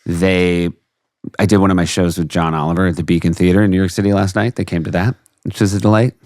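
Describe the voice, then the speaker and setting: A man with a very low voice trading jokes on a podcast, talking close to a dry studio mic. He rambles, jumps to asides and laughs at his own bits. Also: steady tone, a little mellow, no room sound. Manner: joking, rambling, quick asides. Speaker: podcast co-host. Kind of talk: casual chat.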